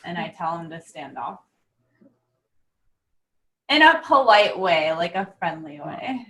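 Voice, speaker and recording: A woman playing a bard in a tabletop game, eager and halting. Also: fairly low pitch, big pitch swings, pushed and bright, low-quality recording. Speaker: player. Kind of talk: tabletop role-play as a bard.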